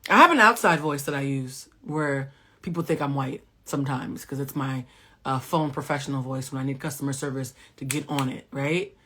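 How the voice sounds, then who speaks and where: A woman hosting a pop-culture recap, sassy and talking straight to her viewers, swinging between loud exclamations and a soft, low voice. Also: moderate pace, husky. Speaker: host and cultural critic.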